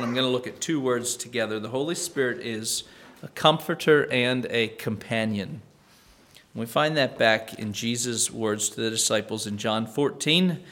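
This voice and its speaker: This pastor's sermon has a fairly bright tone and a thoughtful, conversational feel. He restarts phrases now and then, and his voice rises in both pitch and loudness on the important points.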